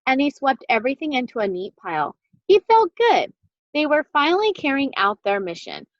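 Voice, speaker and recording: A woman reading a children's book aloud with expressive, animated storytelling. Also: sits high, brisk, dry recording, highs cut off. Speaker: reader.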